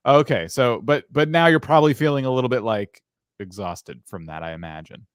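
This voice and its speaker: A man's voice: medium pitch, fairly quick, clean tone, no echo, studio quality. A man co-hosting a livestream, reading out viewer questions and thinking aloud in an easygoing way. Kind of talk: casual livestream Q&A chat.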